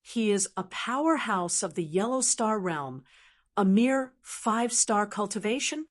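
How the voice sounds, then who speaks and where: A woman's voice: mid-range voice, animated, unhurried. Woman narrating a fantasy audiobook. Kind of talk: scripted narration.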